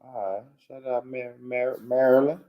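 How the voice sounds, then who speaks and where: A man's voice: mid-range voice, fairly even intonation, normal speed, warm tone, low-quality recording. A man hosting a podcast in casual chat, loose and joking, swearing and laughing often.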